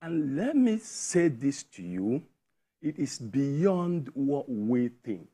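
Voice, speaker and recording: A man's voice: medium pitch, very animated, takes it slowly, warm tone, slightly rough. A man with a Nigerian accent, a studio guest explaining a point emphatically with figures. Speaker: guest, tech education founder. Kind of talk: studio interview.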